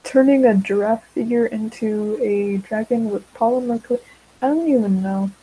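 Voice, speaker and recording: Rambly teenage girl, high mellow voice. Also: moderate pace, a little hiss or hum, poor audio. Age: teens. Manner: rambling, full of fillers and side tracks. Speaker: vlogger. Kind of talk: casual rambling chat while drawing.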